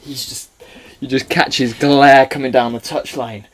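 A Welsh man in his thirties, a podcast guest, telling animated stories in casual chat and laughing often. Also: medium pitch, unhurried. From Wales. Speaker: guest, former footballer.

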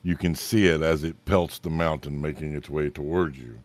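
A man narrating a tabletop game as game master, describing the scene slowly. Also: a bass voice, fairly even intonation, no room sound.

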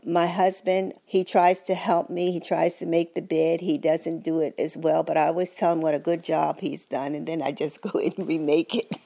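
Older woman caregiver, lowish gravelly voice, gentle faith-filled testimony. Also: little pitch movement, normal speed. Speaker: caregiver of a husband with dementia. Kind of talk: personal testimony.

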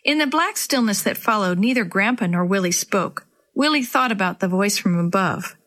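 Woman storyteller for kids, gentle and expressive. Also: mid-range voice, fairly quick. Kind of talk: children's story reading.

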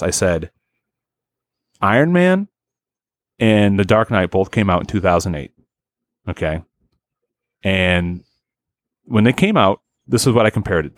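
A man hosting a casual podcast, ranting in an exasperated, profane, animated way. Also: lowish voice, no room sound. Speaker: podcast host.

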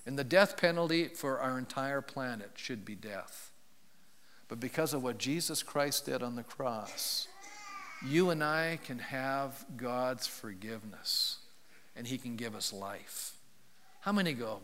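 A man's voice: medium pitch, expressive, moderate pace, fairly bright tone. A male pastor preaching a sermon in a church, telling a Bible story in a loose, conversational way and asking the congregation questions. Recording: long reverb of a large hall.

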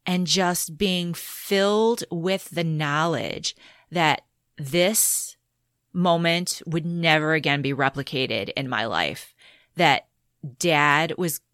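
A woman's voice: sits low, slow, smooth, dry recording, clean studio sound. Candid woman telling a personal story. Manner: candid storytelling, animated when quoting others. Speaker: podcast guest. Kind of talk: casual conversational interview.

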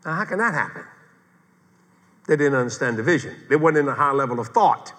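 An older man, a pastor, preaching a sermon in a folksy, animated way, with humor and acted-out quotes, recorded in a church sanctuary. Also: medium pitch, quick pace, in a large hall.

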